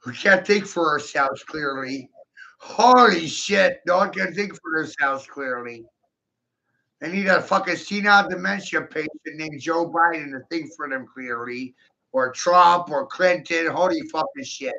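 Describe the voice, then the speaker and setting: A man in a profane, aggressive monologue, repeating himself and bursting into shouts. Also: on the high side, moderate pace, vocal fry. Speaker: monologuing video host. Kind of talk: ranting monologue to camera. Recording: dull lo-fi recording.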